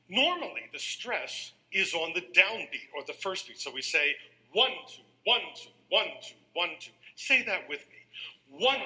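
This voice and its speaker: A man giving an animated music lecture to a live audience, leading them in counting beats and singing rhythms. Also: sits high, poor audio.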